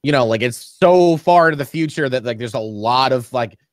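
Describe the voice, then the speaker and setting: A man's voice: mid-range voice, normal speed, dry recording, studio quality. A man co-hosting a TV podcast in casual chat, rambling with lots of fillers and swearing. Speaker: podcast co-host.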